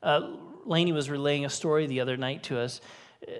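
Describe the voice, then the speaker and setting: A man's voice: on the high side, fairly even intonation, fairly quick, clean tone. A man in his forties, a co-lead pastor, preaching a sermon to his congregation with earnest, emotional personal stories. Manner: earnest, emotional storytelling with rising emphasis. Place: church stage before a congregation.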